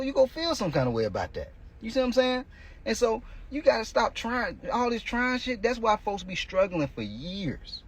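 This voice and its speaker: Husky high-voiced man giving blunt motivation. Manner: blunt, profane, preachy street talk. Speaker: coach and podcast host. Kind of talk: motivational podcast monologue.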